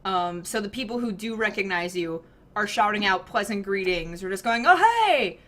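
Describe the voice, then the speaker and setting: Bright-voiced woman narrating as game master. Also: medium pitch, moderate pace. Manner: descriptive, hedging fillers, relaxed.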